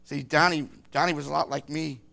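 An older man, a grandfather, rambling through a personal story with halting speech and frequent restarts. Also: fairly high pitch, steady tone, vocal fry, sharp tone.

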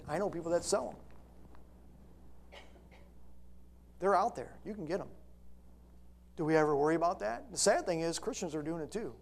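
A man's voice: fairly high pitch, darkish tone. A middle-aged man preaching a sermon, reading scripture and then pressing his points with rising intensity.

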